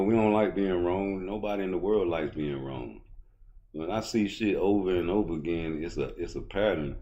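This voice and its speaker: A man's voice: low voice, highs cut off. A middle-aged man with a Baltimore accent, giving a blunt, profane, swaggering boxing rant as a YouTube commentator. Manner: blunt, profane, swaggering street talk, rising loud when heated. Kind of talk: casual opinion rant.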